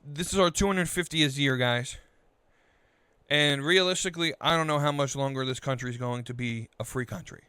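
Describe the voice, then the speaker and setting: A man hosting a podcast, venting in a frustrated, halting political rant full of restarts. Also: mid-range voice, sharp tone, smooth, no echo. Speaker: podcast host.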